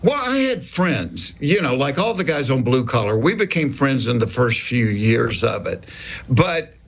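A man in his sixties with a Southern US accent, a comedian telling animated stories in a casual interview and acting out the voices of the people he quotes. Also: mid-range voice, measured pace, vocal fry, husky. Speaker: comedian guest.

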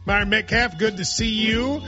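A man's voice: high-pitched, moderate pace, over music. A man hosting a casual sports talk show, joking and rambling through asides, on slightly muffled audio. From Kentucky.

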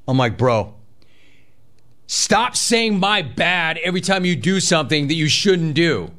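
Animated, teasing sports talk host man. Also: on the high side, unhurried. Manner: animated, mocking, repeats phrases for effect. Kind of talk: casual sports talk with listener emails.

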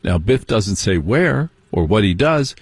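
A man telling a personal story as stand-up comedy, wry and mocking, slipping into quick impressions of other people. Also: lowish voice, big pitch swings, slightly rough, no room sound.

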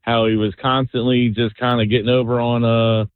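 A man's voice: medium pitch, flat delivery, normal speed, clear, resonant tone, no room sound. A man calling into a radio show, talking in an easygoing, casual way. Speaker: caller. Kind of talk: call-in radio chat. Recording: tinny phone line.

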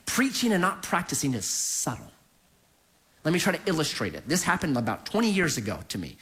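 Male pastor, middle-aged, animated storyteller with a lively, swinging delivery. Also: on the high side, a little fast. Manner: animated storytelling with acted quotes. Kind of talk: sermon.

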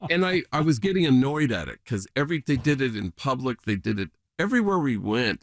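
A man's voice: mid-range voice, big pitch swings, a little fast, gravelly, hardly any pauses, dry recording, clean studio sound. A man who is a priest, talking reflectively as an interview guest, telling earnest stories and mimicking other people's voices. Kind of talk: reflective conversational storytelling.

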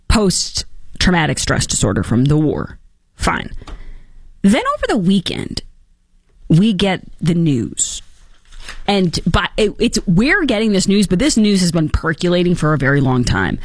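A woman's voice: on the low side, dry recording. A woman hosting a talk show, chatting casually and animatedly, often laughing.

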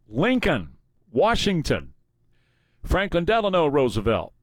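A man's voice: a little high, wildly swooping pitch, slow pace, a little hiss or hum. Chatty male talk show host. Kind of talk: casual talk show chat.

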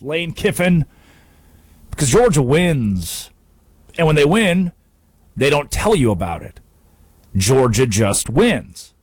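Animated, emphatic sports radio host, man. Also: a little high, moderate pace, breathy edge, no echo. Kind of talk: sports talk radio monologue.

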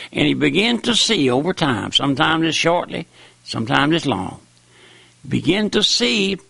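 A man's voice: a little high, gravelly, pushed and bright, dry recording. An older man preaching a folksy, rambling sermon with rising and falling emphasis. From raised on a farm. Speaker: preacher on radio.

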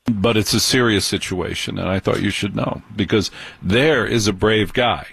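A man's voice: on the low side, normal speed, creaky, fairly bright tone, slightly rough, no room sound, rough recording. A man hosting an interview, talking in an earnest, emphatic way. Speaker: podcast host. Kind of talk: casual interview chat.

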